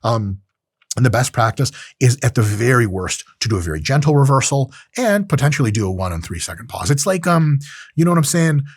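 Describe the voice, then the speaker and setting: The clean, echo-free studio recording captures a strength training coach with a mid-range, slightly rough voice talking fairly quickly. His lecture on lifting technique is casual, profane and joking, packed with animated, acted-out little scenes.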